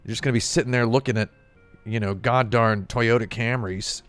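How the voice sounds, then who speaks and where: A man streaming, telling a sardonic story as a casual comedic rant, deadpan, with bursts of mock outrage. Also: mid-range voice, brisk, soft background music.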